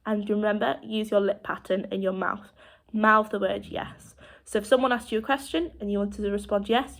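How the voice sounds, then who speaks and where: A woman with a British accent teaching children sign language, speaking slowly and clearly as she demonstrates each word. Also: medium pitch. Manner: slow, clear demonstrating speech.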